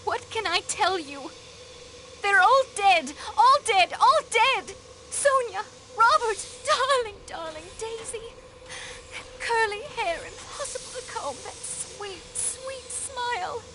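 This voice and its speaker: A woman's voice: high-pitched, animated, a little slow, noisy background. A woman voicing a proud, secretive countess with an American accent in a mystery game. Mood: grieving. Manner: guarded, breaking into anguished grief. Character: secretive grieving noblewoman, high-strung and proud. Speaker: countess under questioning. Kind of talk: video game voice acting.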